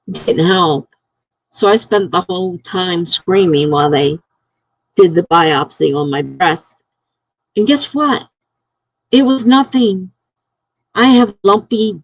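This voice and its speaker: Slow-talking middle-aged woman telling stories. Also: on the low side, husky, no echo, poor audio. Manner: storytelling, acting out what others said. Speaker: live streamer. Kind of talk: casual chat.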